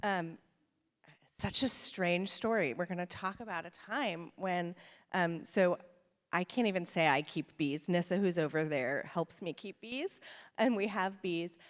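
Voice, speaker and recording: A woman's voice: on the low side, measured pace. A woman on a panel telling a personal story in a casual, slightly hesitant way. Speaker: panel speaker. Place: theatre stage. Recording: long hall reverb.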